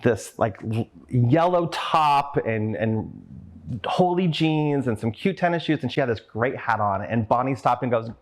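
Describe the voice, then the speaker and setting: A man with a voice of ordinary pitch tells a personal story for a conference audience. He speaks earnestly and with open emotion, and he acts out the voices of the people in his story. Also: moderate pace.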